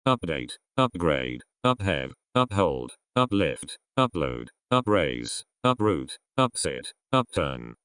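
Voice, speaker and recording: A man reading a vocabulary list aloud, one word at a time with pauses between them. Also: deep voice, very animated, a bit bright, clear, resonant tone, no room sound, clean studio sound. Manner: reads single words one by one with pauses. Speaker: vocabulary reader.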